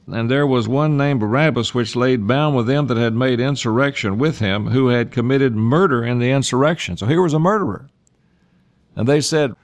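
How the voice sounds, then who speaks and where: Emphatic folksy male preacher. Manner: emphatic, slows down and rises in pitch to stress points; folksy asides between scripture readings. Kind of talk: expository sermon reading scripture.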